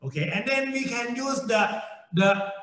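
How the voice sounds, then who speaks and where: A middle-aged man with a Thai accent, a native Thai speaker lecturing on engineering, slow and repetitive, with frequent okays and restarts. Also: very high voice, lively intonation, a bit bright, echoey room, rough recording. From Thailand. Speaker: university lecturer.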